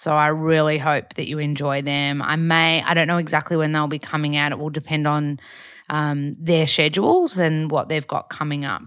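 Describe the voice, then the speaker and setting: Low, smooth-voiced Australian woman chatting. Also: a bit bright. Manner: effusive, chatty, many fillers. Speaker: podcast host. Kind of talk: casual solo podcast chat.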